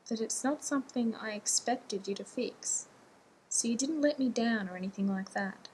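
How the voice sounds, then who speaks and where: A woman's voice: a little high, moderate pace, a little mellow, a little hiss or hum, lightly acted, poor audio. A woman reading an audiobook voices a tired, exasperated man who speaks bluntly. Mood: weary. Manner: weary, blunt.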